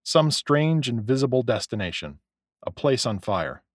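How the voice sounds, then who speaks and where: A man narrating a novel as an audiobook, in a measured, expressive storytelling way. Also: mid-range voice, no echo, studio quality. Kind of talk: scripted narration.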